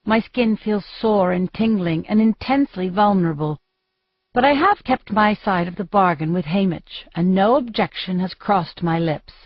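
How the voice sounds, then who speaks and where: A woman reads an audiobook in first person, in a steady, measured voice at a middle pitch. The recording is very dry and a little muffled. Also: dry recording. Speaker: audiobook narrator.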